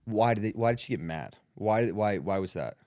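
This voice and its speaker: Low-voiced man telling a story. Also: moderate pace, no room sound, clean studio sound. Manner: animated, laughs often, acts out quotes. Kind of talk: casual storytelling chat.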